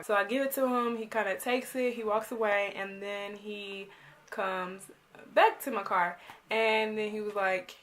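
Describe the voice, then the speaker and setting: Animated young woman telling a story. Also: medium pitch, normal speed. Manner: animated, dramatic retelling. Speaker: vlogger. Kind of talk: storytime vlog.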